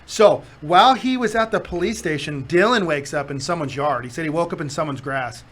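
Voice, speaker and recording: A man's voice: fairly high pitch, fast talker, few pauses. A man, hosting a podcast and telling stories in casual chat, acting out quotes and laughing often. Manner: animated storyteller, acts out quotes, laughs often. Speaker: podcast host.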